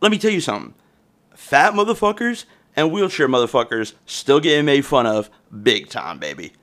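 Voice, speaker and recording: A man's voice: mid-range voice, sing-song, normal speed, fairly bright tone. A young man hosts his podcast in a loose, rambling rant. He swears constantly and talks in heavy slang. He records it on a phone. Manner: profane, rambling, streetwise slang. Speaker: podcast host. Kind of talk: casual comedic podcast rant.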